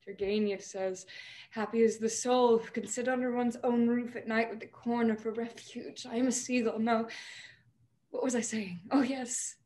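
A young woman playing a troubled young actress in a stage drama over a video call, emotional and often dropping to a hushed near-whisper. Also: on the high side, fairly even intonation, unhurried, lightly acted. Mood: wistful. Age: young adult. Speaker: student actor. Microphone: video call microphone.

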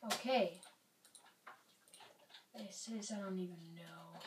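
A woman's voice: on the low side, slow pace. Young woman rambling over gameplay, roomy. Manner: rambling, playful, drops into whispers. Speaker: gaming YouTuber. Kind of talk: casual gameplay commentary. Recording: roomy, distant mic, faint noise.

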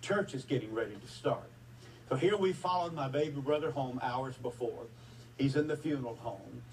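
Preacher guy, emotional and earnest, lots of uhs, mic kinda far off, faint noise behind. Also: mid-range voice. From Texas. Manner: earnest, emotional storytelling with halting fillers. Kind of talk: sermon testimony.

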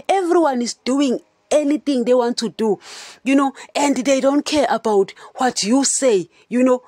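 A woman's voice: high-pitched, moderate pace, a little mellow, no echo. A woman hosting a Christian podcast, teaching in a casual, chatty way and often asking her listeners if they understand. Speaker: podcast host.

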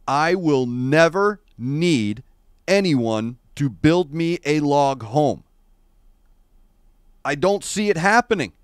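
A man's voice: a little high, slow pace, long pauses, smooth, no room sound, studio quality. Wry, rambling male livestream host. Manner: rambling, wry and animated storytelling. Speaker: show host. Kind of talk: casual livestream chat. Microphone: adjustable streaming microphone.

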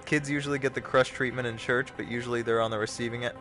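A young man hosting a livestream, giving casual, jokey gameplay commentary with sudden excited yelps. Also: medium pitch, quick pace, few pauses, soft background music. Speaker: livestream host.

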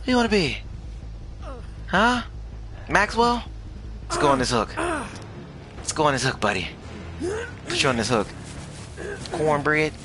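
A man's voice: on the high side, lively intonation, measured pace, gravelly, long pauses, noisy background. A young man giving casual, jokey commentary while streaming a video game, laughing often and trash-talking the game. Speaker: gaming streamer.

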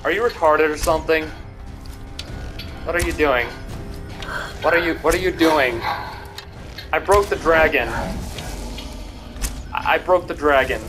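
A young gamer streamer gives casual, mocking commentary while playing a video game, with game music in the background. His voice is a little high and a bit bright, unhurried with long pauses, and he often stammers and repeats himself.

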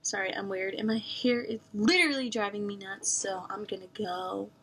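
A woman's voice: medium pitch, moderate pace, fairly bright tone, a little hiss or hum. A young woman in casual book vlog chat, talking expressively with lots of fillers, recorded at home on a camera mic. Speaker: book vlogger.

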